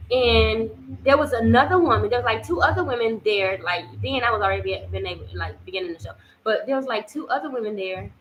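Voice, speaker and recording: A young woman tells a personal story in a loose, rambling vlog monologue, looping back on her words with plenty of fillers. Her voice sits a little high, and a faint hiss runs under the recording. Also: dull audio. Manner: rambling, with frequent fillers and repeats. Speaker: vlogger.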